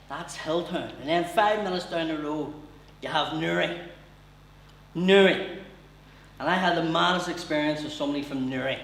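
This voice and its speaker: Northern Irish stand-up, male, brisk and crude; slightly high, roomy far-off venue sound. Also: animated, a bit bright, a little hiss or hum. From Northern Ireland. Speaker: stand-up comedian. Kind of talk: stand-up comedy. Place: comedy venue with an audience. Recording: roomy venue, heard from afar.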